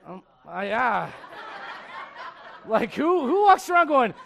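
A man preaching a sermon, acting out bits of dialogue with humor and laughter, swinging from loud punchlines to hushed, earnest points. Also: very high-pitched, sing-song, slow pace, creaky, long pauses, some chatter behind, a little hiss or hum. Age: adult. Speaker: pastor.

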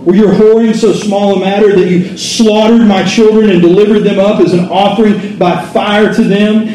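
A man's voice: high-pitched, warm tone, a little hiss or hum. A man preaching a sermon in an impassioned way, reading scripture aloud and then asking and answering his own rhetorical questions. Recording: roomy echo from a distant mic.

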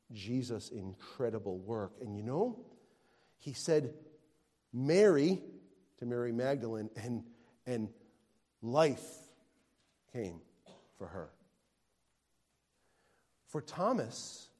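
A man preaching a sermon, swinging from hushed tenderness to loud emphatic declaiming. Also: mid-range voice. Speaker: pastor. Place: church sanctuary. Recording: long reverb of a large hall.

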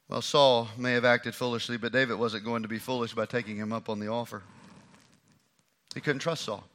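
A man preacher delivering a lively, conversational sermon and acting out a scripture story. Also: medium pitch, brisk.

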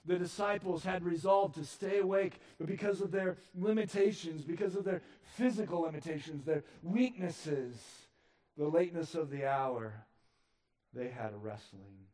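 A man with a fairly high voice delivers a sermon from the pulpit of a church. He swings from loud, emphatic proclamation down to quiet, low-pitched passages. He speaks as a pastor addressing his congregation. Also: normal speed.

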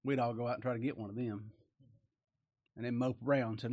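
Man preaching a bible sermon, homey talk, gets loud then drops real quiet. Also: mid-range voice, steady tone, quick pace, gravelly, long pauses. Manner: folksy Bible preaching, reads scripture aloud, swings loud and soft.

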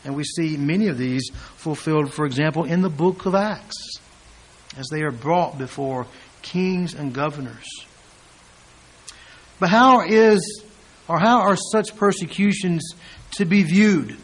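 A man preaching an expository sermon, reading scripture aloud and building to loud, emphatic peaks when he quotes it. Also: on the high side, unhurried, slightly rough.

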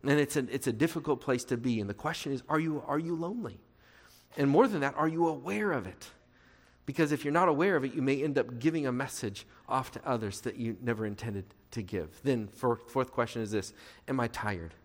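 A man's voice: medium pitch, fairly quick. A man preaching a sermon in an earnest, conversational way, asking his listeners rhetorical questions and adding playful asides. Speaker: pastor. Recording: reverberant hall.

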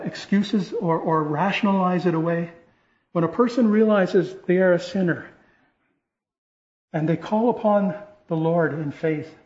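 A man preaching with earnest, rising emphasis and frequent restarts. His voice sits a little high for a man and carries a roomy echo. The recording is dull and lo-fi. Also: darkish tone. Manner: earnest, repeats and restarts phrases, rising emphasis on key points. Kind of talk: sermon. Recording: echoey room, dull lo-fi sound.

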